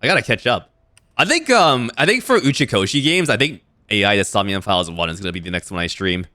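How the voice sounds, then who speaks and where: A man streaming a video game, giving animated, swear-heavy commentary with frequent reactions. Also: fairly low pitch, fast. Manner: animated, swears and laughs often. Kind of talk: casual let's-play commentary.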